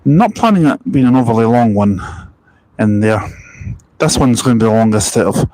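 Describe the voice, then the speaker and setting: A Scottish man chats casually on an outdoor live stream while walking through a bus park-and-ride, reading viewer comments aloud and rambling with self-deprecating asides. His medium-pitched voice is expressive, at a moderate pace and a little mellow. The rough recording comes from a small wireless mic on his phone stream, with a little hiss or hum.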